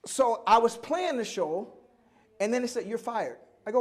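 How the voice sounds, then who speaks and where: An older man with a notably high voice tells stories from his life at a live oral history event. He talks animatedly, slips into the voices of the people in his tales and laughs easily along the way. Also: a little slow, long pauses. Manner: animated storyteller acting out other people's lines, often laughing. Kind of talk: live storytelling talk.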